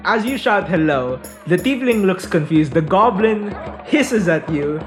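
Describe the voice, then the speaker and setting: A man's voice: sits high, animated, measured pace. A man narrating a tabletop game as game master in a casual, rambling way, with music behind. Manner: casual, rambling, lots of fillers. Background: background music.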